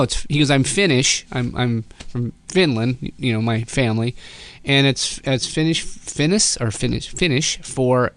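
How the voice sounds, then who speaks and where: Medium-pitched and recorded without room sound, the middle-aged host from Southern California meanders through a story full of self-corrections, restarts and animated impressions of what others said.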